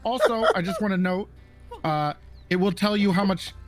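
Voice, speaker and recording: A man's voice: high-pitched, normal speed, soft background music. A man instructing police recruits in a roleplay game, talking casually and checking in with "okay" and "right" after each point.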